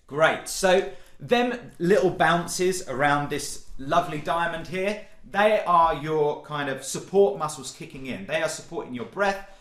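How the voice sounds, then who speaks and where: A man leading an online singing warm-up, encouraging and cheerful, often breaking into loud demonstration sounds. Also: a little high, measured pace, roomy sound. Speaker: singing workshop leader. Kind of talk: online vocal warm-up session.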